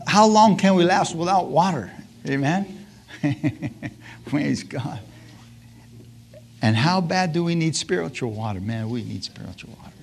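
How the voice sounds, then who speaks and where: Creaky and a little high, a man's voice preaches to a congregation, with frequent hallelujahs, amens, and laughs. He engages listeners with questions in call-and-response style and dramatizes scripture scenes in lively voices.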